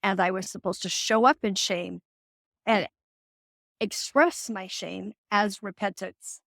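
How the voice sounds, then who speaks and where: A middle-aged woman hosts a live self-help session, speaking earnestly and directly to her viewers. She coaches them through emotional boundaries and acts out short sample conversations. Her voice sits at an ordinary pitch and sounds dry and close, with no room echo. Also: fairly even intonation, takes it slowly, gravelly, a bit bright. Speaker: host.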